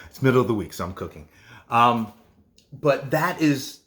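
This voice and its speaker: A middle-aged man, a nurse, talking in a casual vlog from his home kitchen, rambling and halting with many restarts. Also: mid-range voice, expressive, fairly bright tone.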